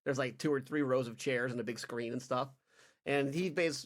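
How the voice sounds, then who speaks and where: A man's voice: medium pitch, moderate pace. A man narrating as game master of a tabletop game, rambling with many restarts.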